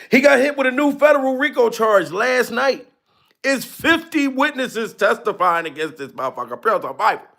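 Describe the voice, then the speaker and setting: A man's voice: extremely high pitch, big pitch swings, normal speed, gravelly, bright, forceful tone. A man, a comedian, talking casually through gossip news, laughing often between lines and swearing freely. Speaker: comedian commentator.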